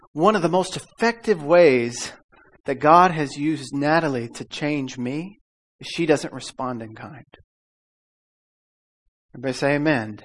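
A man preaching a casual sermon, calling out for amens and audience repeats, laughing as he tells stories. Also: on the high side. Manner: laughs often while telling stories. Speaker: pastor. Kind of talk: conversational sermon.

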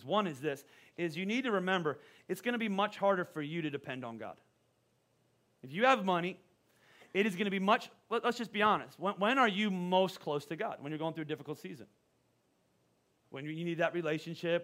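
A middle-aged male pastor, his voice a little high, preaches a sermon and tells a funny personal story with lively humor at his own expense.

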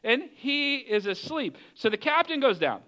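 A man preaching a sermon as pastor, telling the story in a lively way and acting out the voices of the people in it. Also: very high voice, measured pace. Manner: animated storytelling, acts out voices of characters.

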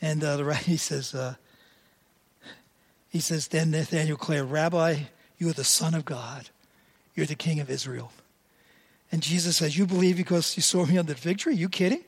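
A man's voice: a little high, steady tone, normal speed, pauses often, slightly rough. Older man preaching in casual storytelling. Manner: conversational storytelling, voices quotes animatedly. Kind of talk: sermon.

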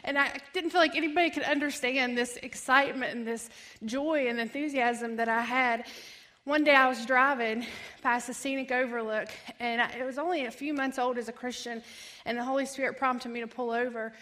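A woman, telling her personal testimony in an animated way, acting out voices and laughing often. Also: high voice, a little fast. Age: 30s. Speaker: ministry founder giving testimony.

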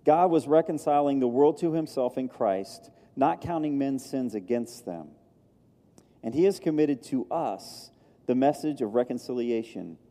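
A man's voice: mid-range voice, mellow. A male pastor preaching a sermon with an emphatic, repetitive cadence. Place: church sanctuary. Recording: long hall reverb.

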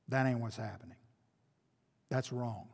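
A man's voice: medium pitch, a little slow, vocal fry, darkish tone, breathy edge. A man preaching a sermon in a church, emphatic and full of rhetorical questions. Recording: long hall reverb.

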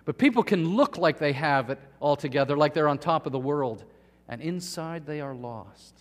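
A male pastor delivering a sermon with animated storytelling, speaking to the children and the congregation. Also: fairly high pitch, normal speed, big-room sound.

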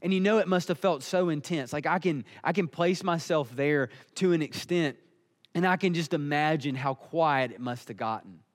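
Man, preacher, earnest sermon, emphatic, fairly high voice, long reverb. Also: moderate pace. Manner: earnest, emphatic, building in intensity.

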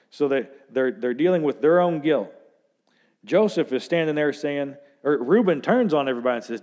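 A man's voice: medium pitch, expressive, normal speed, darkish tone. A man preaching a sermon in a conversational way, reading scripture aloud and talking it through with frequent fillers and restarts.

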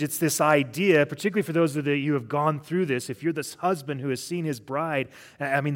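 A middle-aged man, a pastor, preaching a conversational sermon and telling stories, often restarting his sentences. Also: a little high. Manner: casual storytelling with frequent restarts.

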